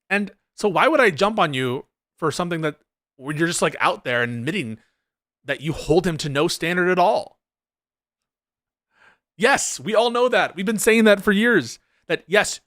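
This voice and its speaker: A man's voice: high voice, a bit bright, dry recording. Man, sarcastic, argumentative, reaction commentary, dry mic. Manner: sarcastic, argumentative, laughing at clips. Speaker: political commentator reacting to clips.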